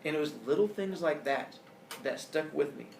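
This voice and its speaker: An earnest man from Indiana telling a personal story to campers, halting now and then with fillers. His voice is somewhat high with a gravelly texture. The recording is echoey, picked up from a distance over faint ambience. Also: slight background noise. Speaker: camp storyteller.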